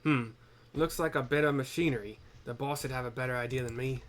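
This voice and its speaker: A man voicing a gruff middle-aged male mechanic with a put-on rough brogue and folksy talk. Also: medium pitch, fairly even intonation, fairly quick, fairly bright tone, lightly acted. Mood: appraising. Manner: gruff, folksy, calls people lass.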